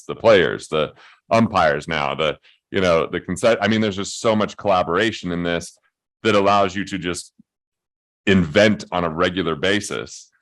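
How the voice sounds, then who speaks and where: A man's voice: sits low, fairly bright tone. A man in his forties hosting an interview, musing thoughtfully on the guest's story. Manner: reflective, musing. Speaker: host. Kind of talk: interview conversation.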